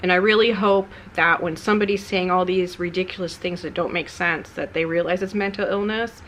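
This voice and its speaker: Lower-voiced woman confiding candidly. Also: fairly even intonation, a little fast, fairly bright tone, a little hiss or hum. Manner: rambling, confessional, subdued. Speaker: YouTuber. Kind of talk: candid personal vlog.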